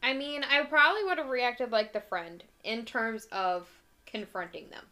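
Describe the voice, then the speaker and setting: A woman's voice: a little high, normal speed, pushed and bright, soft background music. A young woman co-hosting a podcast, chatting casually and laughing often while watching a movie with friends. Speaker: podcast co-host. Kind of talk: casual watch-along chat.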